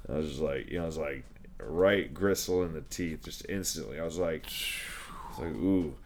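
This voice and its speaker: A young man with a very low voice hosts an easygoing podcast chat. He speaks loosely and jokes often. Faint room ambience hums behind him. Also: slight background noise. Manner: laid-back, jokey, quick to laugh. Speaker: podcast host. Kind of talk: casual chat.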